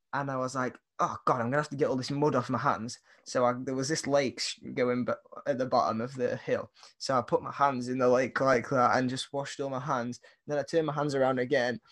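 Young man, podcast co-host, casual storytelling, laughs a lot, average pitch. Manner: animated, laughs often, lots of fillers.

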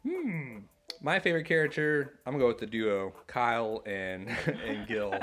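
A man co-hosting a casual chat about a comic book, animated and quick to act out characters' lines. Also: mid-range voice, background noise. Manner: animated, acts out characters' lines while retelling. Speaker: podcast co-host.

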